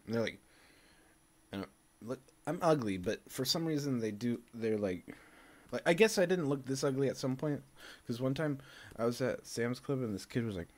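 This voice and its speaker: A man's voice: medium pitch, lively intonation, moderate pace. A man telling a rambling comic story, acting out both sides of each exchange in exaggerated voices and laughing at his own tale. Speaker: video creator.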